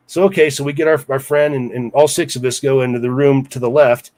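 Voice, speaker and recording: A man's voice: mid-range voice, fairly even intonation, a little fast, a little mellow. A man recounting a personal story in a casual interview, rambling with asides to the listener. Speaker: guest storyteller.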